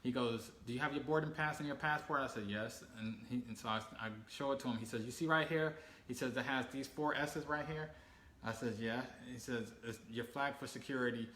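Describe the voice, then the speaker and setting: A man co-hosting a casual family chat, recounting a trip and acting out the people in it, often laughing. His voice is bright and clear. The room is echoey, with a faint hum behind him. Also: mid-range voice, fairly quick. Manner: animated storyteller, acts out quoted people, laughs while telling. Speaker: co-host of a family channel.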